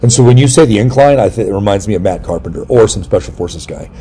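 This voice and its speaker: A middle-aged man hosting a casual interview chat, telling rambling, jokey stories and breaking into sudden loud yelps. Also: lowish voice, lively intonation, fast talker, slight background noise. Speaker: podcast host.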